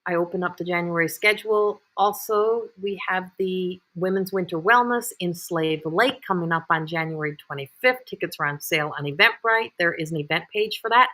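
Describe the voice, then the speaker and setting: A woman's voice: on the low side, moderate pace, few pauses, sharp tone. A woman hosting live intuitive readings, talking in a rambling, repetitive way with many fillers and restarts. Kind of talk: live-streamed psychic reading.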